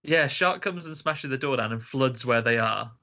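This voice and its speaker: A man's voice: mid-range voice, normal speed, sharp tone, lo-fi sound. A man co-hosting a casual film commentary chat, wry and chatty with some swearing. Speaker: podcast co-host.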